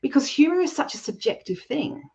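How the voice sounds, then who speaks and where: A woman's voice: high-pitched, very animated, fairly quick, creaky, a little mellow. A woman podcast host asking questions with an enthusiastic, complimentary manner. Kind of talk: interview hosting. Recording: dull lo-fi sound.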